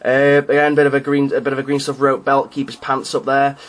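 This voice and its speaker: A man's voice: mid-range voice, little pitch movement, brisk. A man with an ordinary mid-range voice casually narrates a show-and-tell of his miniatures. He rambles, hesitates and restarts often, filling gaps with ums. He keeps a lightly amused, self-deprecating tone. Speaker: hobbyist showing his painted miniatures.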